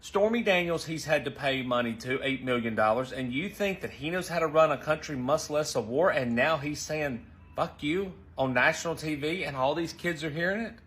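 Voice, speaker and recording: A man's voice: a little high, fairly quick, hardly any pauses, a bit bright. A man in an indignant, exasperated rant to camera.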